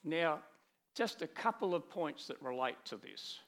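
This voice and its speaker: A middle-aged man preaching with slides, talking in a lively way with many restarts and acted quotes. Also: on the high side, unhurried. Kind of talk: sermon with slides.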